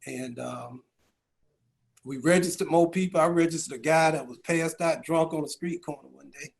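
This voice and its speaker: Man, middle-aged, fairly high voice, speech at a round table, storytelling, rhetorical questions. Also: moderate pace, creaky. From Georgia, US. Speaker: county CEO speaking at a business round table.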